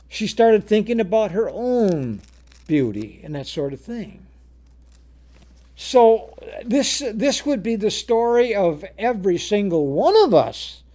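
This preacher's voice sits high as he reads passages of scripture in antiquated phrasing. He breaks them down in everyday speech, with frequent repetition and booming emphasis on key words.

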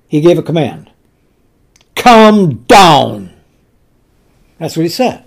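A man's voice: on the high side, quick pace, dark tone. A man preaching a sermon, retelling scripture with frequent restarts and repeated words, and voicing the king with rising anger.

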